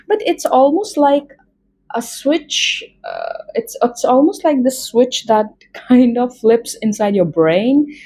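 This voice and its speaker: A woman's voice: fairly high pitch, warm tone, breathy edge, poor audio. A woman with an Indian accent doing a casual tarot reading, chatty and rambling with many fillers. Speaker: tarot reader.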